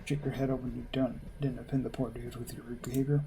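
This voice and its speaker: Wry, gravelly man reading a game aloud. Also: medium pitch, little pitch movement, fast, background noise. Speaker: gamer playing a visual novel. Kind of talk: reading a visual novel aloud with commentary.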